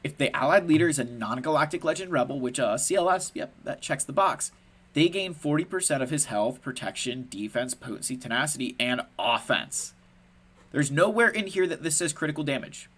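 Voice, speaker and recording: A man's voice: fairly high pitch, fairly quick, slightly rough. A man explaining a strategy game in a casual, passionate commentary, emphatic and often adding "right?" as he goes. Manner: animated, laughs at himself. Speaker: gaming content creator.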